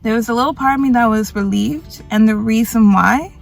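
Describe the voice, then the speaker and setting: Young woman, casual vlog, tired, self-mocking, gravelly voice. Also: on the high side, fairly quick, faint music behind. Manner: rambling, self-mocking, quotes others in put-on voices. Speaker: vlogger. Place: grocery store.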